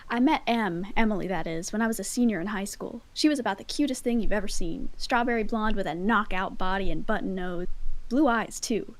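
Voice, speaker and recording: A woman's voice: medium pitch, low-quality recording. A woman chatting and reading a story aloud with a self-conscious, giggly manner. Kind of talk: casual chat and dramatic reading. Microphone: headphones.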